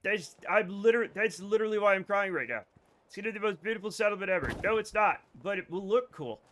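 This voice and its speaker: A man's voice: high voice, fast, slight background noise. A young man streaming a game live, chatting with his audience and bursting out now and then. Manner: excitable, bantering with chat, sudden outbursts. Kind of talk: casual live gameplay commentary.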